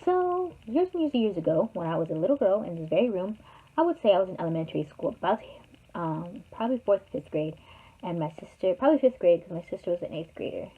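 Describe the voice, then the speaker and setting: Young woman vlogger, quick chatty storyteller, slightly husky, lo-fi phone-like audio. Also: fairly low pitch. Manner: chatty, animated, jokey asides. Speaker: YouTuber. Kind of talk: casual storytime vlog. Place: her bedroom at home. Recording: tinny phone-like sound.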